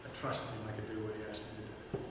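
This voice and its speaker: A man's voice: lowish voice, flat delivery, fast. A man giving a humorous, anecdotal church talk, speaking directly to the congregation in a large hall. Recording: echoey hall from far off, background noise.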